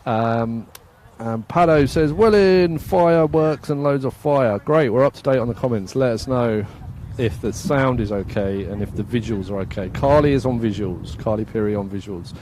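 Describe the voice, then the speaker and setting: A man's voice: on the low side, normal speed, few pauses, a little mellow. English guy doing chatty live football commentary outside, laughs a lot, jokes at himself, bit of traffic noise behind. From England. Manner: chatty, self-mocking, laughs often. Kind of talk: casual football commentary reading chat comments. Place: outdoors at a football pitch.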